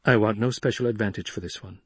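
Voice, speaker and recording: Male reader as a cold young duke, firm, husky, dry. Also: lowish voice, steady tone, no room sound. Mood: cold resolve. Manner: measured, firm.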